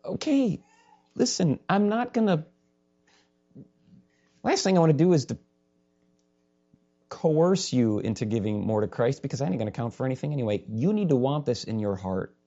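A man's voice: mid-range voice, big pitch swings, normal speed, long pauses, dark tone. A male pastor preaching an impassioned sermon, sometimes raising his voice to a holler. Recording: dull lo-fi recording.

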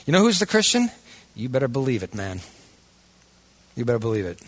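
A man preaching a sermon in a casual, folksy way, swinging from loud, emphatic bursts to hushed asides. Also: mid-range voice, very animated, a little fast. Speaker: pastor.

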